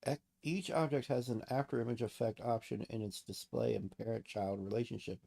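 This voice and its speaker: A man's voice: medium pitch, steady tone, brisk, gravelly, dark tone. A man chatting alone on a late-night livestream, rambling, cursing and mocking himself, sitting close to a desk mic at home. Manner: rambling, self-mocking and profane. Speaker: streamer. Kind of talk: casual solo livestream chat.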